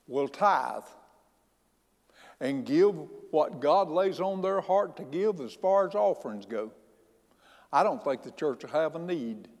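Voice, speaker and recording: A male pastor preaches in a folksy, emphatic way, his fairly high voice leaping up and down as he stresses each point. His words ring out with a long echo from the hall around him. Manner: folksy, emphatic preaching with frequent "hey" and restarts. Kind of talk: sermon.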